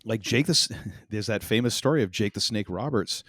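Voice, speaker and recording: A man's voice: lowish voice, lively intonation, fairly quick, a bit bright, no echo, clean studio sound. A man co-hosting a podcast, chatting casually about wrestling, rambling with lots of restarts and laughs. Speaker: podcast co-host.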